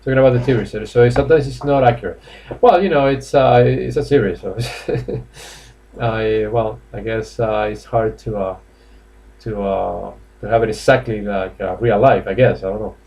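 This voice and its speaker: Chatty Spanish-accented English teacher. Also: male voice, on the low side, normal speed, a little mellow. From Spain. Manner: chatty, coaxing, laughs often, many fillers. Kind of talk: live online class. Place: classroom or office indoors.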